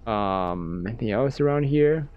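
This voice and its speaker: Excitable jokey male gamer narrating play, very lively pitch. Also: unhurried, clear, resonant tone, dull audio. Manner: excitable, jokey, talks to himself. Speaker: game streamer. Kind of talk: let's play commentary.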